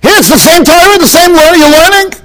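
Rabbi w/ giving a torah class, really high voice that jumps all over, emphatic storyteller. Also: male voice, animated, fast talker, bright, forceful tone, low-quality recording. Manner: emphatic storytelling, mixing Yiddish and Hebrew terms. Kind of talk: yeshiva Torah lecture. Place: study hall in a yeshiva.

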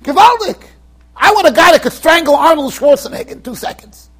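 A man giving an informal Torah lecture as a rabbi, animated and joking, repeating phrases for emphasis. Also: extremely high pitch, fast. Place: yeshiva lecture hall.

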